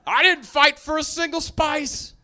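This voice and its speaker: A man's voice: extremely high pitch, fairly even intonation, unhurried, pushed and bright, slight background noise. A man doing a stand-up set, exasperated and self-mocking. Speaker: stand-up comedian.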